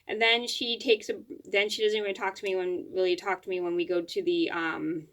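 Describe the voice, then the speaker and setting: A woman's voice: on the low side, level tone, brisk, a bit bright. A woman vlogger telling a personal story to camera at home, rambling, with frequent restarts and fillers.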